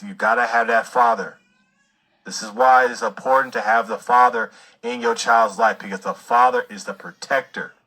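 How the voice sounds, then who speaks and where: A man with a bright, forward voice preaches at his audience in social-media commentary. He hammers points home over and over, lecturing rather than chatting. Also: mid-range voice, low-quality recording. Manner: emphatic, repetitive, lecturing.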